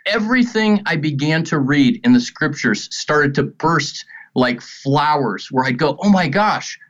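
Middle-aged man teaching with animated stories. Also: a little high, measured pace. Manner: animated storytelling with acted-out quotes. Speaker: ministry guest speaker. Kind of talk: earnest spoken teaching on faith. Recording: dull lo-fi sound.

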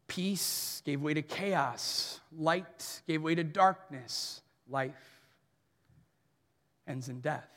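A man in his thirties preaching an earnest sermon as pastor, swinging between soft and forceful delivery. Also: a little high. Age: 30s. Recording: long hall reverb.

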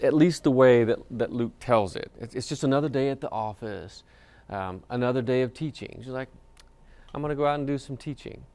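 Man, pastor, sermon, gravelly voice, casual storytelling, lots of ums and restarts. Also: mid-range voice, a little mellow. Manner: conversational storytelling with many fillers and restarts.

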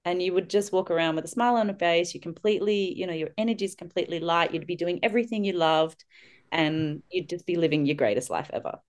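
A woman's voice: on the low side, fast. A woman hosting a casual podcast conversation, reflective and encouraging.

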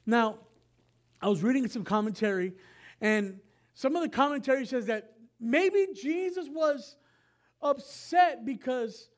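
A man giving a sermon as pastor, reading scripture in a casual, conversational way with frequent asides and self-corrections. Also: very high voice.

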